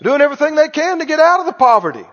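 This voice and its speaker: High-voiced, animated male preacher. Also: rapid-fire. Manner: animated, emphatic, repeats key lines. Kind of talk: sermon. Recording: long church reverb, dull lo-fi sound.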